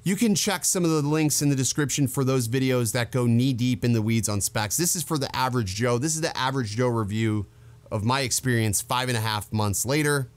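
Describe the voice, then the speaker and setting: A man hosting a casual gear review, speaking in a mid-pitched, ordinary voice. He is candid and down-to-earth, and he drifts into the occasional aside. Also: fairly quick. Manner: candid, digressive, conversational. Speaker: drone channel host. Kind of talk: casual product review vlog.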